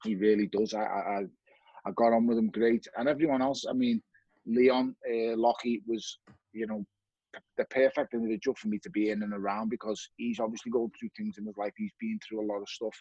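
This ex-boxer's voice sits fairly low, flat in delivery, a bit fast, warm and slightly rough. As a guest he spins his story conversationally, cursing frequently and playing out old dialogue, captured in dull audio without room sound.

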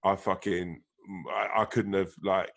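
A man telling stories in casual chat, sweary and animated. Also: sits low, a little slow, creaky, crowd noise.

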